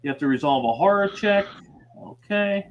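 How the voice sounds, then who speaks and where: A man's voice: high-pitched, expressive, normal speed, muffled recording, a little hiss or hum. A man running a board game on a livestream, reading card text aloud between casual chat and laughs.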